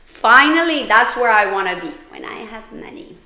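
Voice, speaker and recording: A woman's voice: a little high, very animated, normal speed, creaky, pushed and bright. A woman hosting a personal storytelling podcast, talking candidly in a rambling way with lots of fillers and swearing. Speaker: podcast host. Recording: roomy echo.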